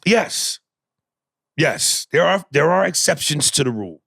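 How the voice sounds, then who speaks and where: An animated man talks in loose podcast banter, his gravelly voice leaping from low mutters to loud bursts. The sound is dry and close, with no room around it. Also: unhurried, dry recording. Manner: animated, swings from loud outbursts to low mutters, drops into impressions. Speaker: podcast co-host. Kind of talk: casual chat.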